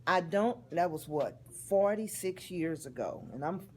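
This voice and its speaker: A woman, telling a personal story in an interview in a heartfelt, expressive way. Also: on the low side, unhurried, slight background noise. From Texas. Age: 50s.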